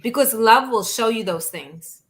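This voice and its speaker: A woman's voice: fairly high pitch, lively intonation, unhurried. A woman hosting a casual panel talk, speaking frankly and reading out viewer comments. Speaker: host. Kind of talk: casual chat.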